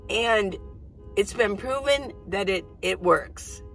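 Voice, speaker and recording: A woman's voice: medium pitch, slow pace, a bit bright, faint music behind, rough recording. A middle-aged woman hosting a casual, rambling coffee-chat vlog from her minivan. She laughs often as she talks. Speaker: vlogger. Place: inside a minivan.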